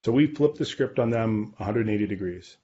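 A man's voice: lowish voice, a little fast, warm tone, muffled recording. A man on a podcast confidently explaining his business figures, often checking in with "right?" and "okay". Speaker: guest, real estate data company leader.

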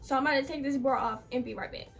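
A woman's voice: sits high, fast, gravelly. A young woman vlogger, chatty and a bit out of breath, talking through a clothing DIY tutorial with lots of "like" and "y'all". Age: young adult. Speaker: fashion vlogger. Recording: from a distance off the mic, faint music behind.

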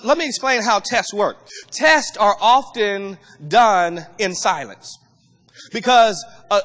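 A man preaching a sermon as pastor, impassioned and rising to shouts. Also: sits high, long reverb tail.

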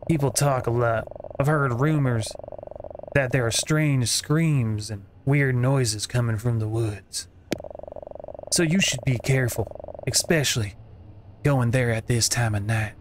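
A cautious, helpful gas station clerk with a put-on accent, as a gamer reads him out, speaking slowly and deliberately at an ordinary middle pitch. Clear game sounds run underneath the voice. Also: male voice, noisy background, lightly acted. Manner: puts on an unnamed accent, slow deliberate delivery.

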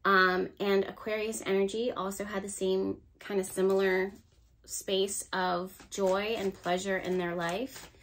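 A woman's voice: mid-range voice, little pitch movement, measured pace. A woman giving a casual tarot reading to camera, chatty and encouraging, talking straight to her viewers. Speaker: tarot reader.

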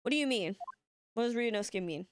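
A woman's voice: on the high side, animated, fairly quick, background noise. A young woman streamer chatting casually through a let's-play, swearing and laughing often. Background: faint game music.

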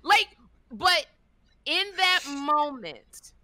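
A middle-aged woman hosting a podcast, telling stories in a lively, animated way and acting out what people said. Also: mid-range voice, normal speed, no echo. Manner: animated storyteller, acts out quotes. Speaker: podcast host. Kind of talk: casual chat, storytelling.

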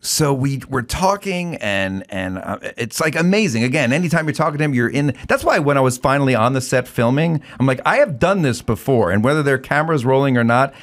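Man telling animated anecdotes. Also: medium pitch, a little fast, few pauses. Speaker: comedian guest. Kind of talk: casual chat, storytelling.

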